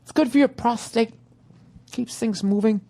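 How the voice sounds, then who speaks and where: A cheery ballplayer with a cheek full of broccoli chirps along in a high, bright voice, as a comedian puts him on. The tone is breezy and sunny. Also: male voice, moderate pace. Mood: chirpy.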